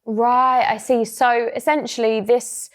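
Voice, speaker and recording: A woman's voice: on the high side, little pitch movement, takes it slowly. A woman hosting an interview, putting short prompting questions to her guest. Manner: brief prompting questions and backchannels. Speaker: host.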